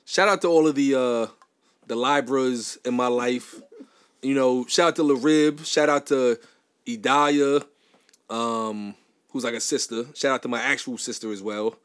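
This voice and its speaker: A man co-hosting a casual chat podcast, teasing and relaxed, trading jokes and music picks. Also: medium pitch, measured pace, clear, resonant tone. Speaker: podcast co-host.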